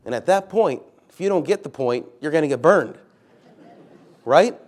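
A man's voice: a little high, lively intonation, normal speed. A man, a pastor, preaching a sermon in a church, stressing key words by repeating them and putting questions to the congregation.

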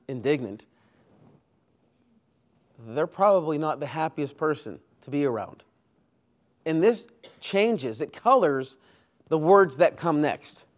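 A man preaching a Sunday sermon, earnest and emphatic, building his points through long lists with rising force. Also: fairly high pitch. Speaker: pastor. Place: church.

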